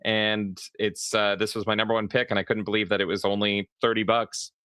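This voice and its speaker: A man co-hosting a podcast in loose, excitable chat, cursing freely. His voice sits low yet sounds bright and crisp. It is recorded close and dry. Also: brisk, no room sound. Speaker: podcast co-host. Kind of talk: casual chat.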